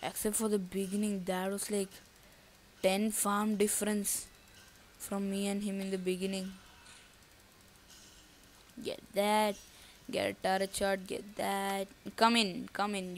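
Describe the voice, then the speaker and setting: A woman's voice: medium pitch, a little hiss or hum. A woman giving casual live commentary on her own gameplay. She thinks aloud and breaks into nervous outbursts. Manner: casual slangy talk to viewers. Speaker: gaming YouTuber.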